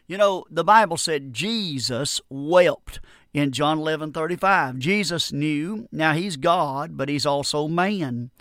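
A man's voice: on the high side, fairly bright tone, no room sound. Earnest preacher man, dry close voice. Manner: earnest, repeats words and restarts, pleading questions. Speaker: radio preacher. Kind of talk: radio sermon.

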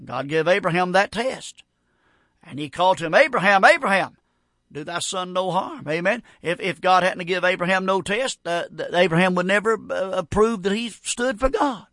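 A Southern man from North Carolina preaching a radio sermon, his voice pitched high for a man. He presses on with fervent repetition, stammering into restarts as he builds each point. The sound is close and dry, with no room around it. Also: normal speed, fairly bright tone, no room sound. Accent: Southern American.

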